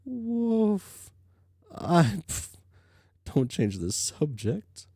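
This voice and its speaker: A man's voice: a little high, big pitch swings, drawn-out words, warm tone, slightly rough, no room sound, studio quality, full character voice. A man voicing an earnest young woman who patiently coaxes and reasons with a grieving friend while reading a webcomic aloud. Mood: firm. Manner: patient, coaxing.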